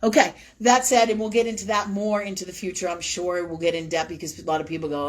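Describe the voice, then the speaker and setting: A woman's voice: low voice, fairly even intonation, fast, hardly any pauses, a little hiss or hum. A woman hosting a spiritual live talk show, talking casually in a rambling, blunt way and swearing freely.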